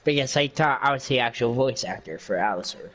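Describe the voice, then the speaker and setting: A man's voice: mid-range voice, expressive, brisk, fairly bright tone, soft background music. A young man chatting casually while gaming, boastful and rambling, with many fillers. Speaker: game streamer doing impressions.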